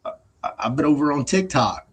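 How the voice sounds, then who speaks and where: A man putting on the voice of his excitable male buddy, who brags eagerly and stumbles over repeated words. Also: fairly high pitch, a little fast, slightly rough, voice pushed up. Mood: excited bragging. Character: excitable male buddy bragging about money.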